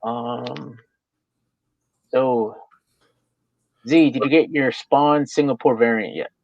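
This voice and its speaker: A man's voice: medium pitch, takes it slowly, creaky, darkish tone, no room sound, dull audio. A young man co-hosting a live stream in a casual, laid-back chat, full of fillers and easy laughs.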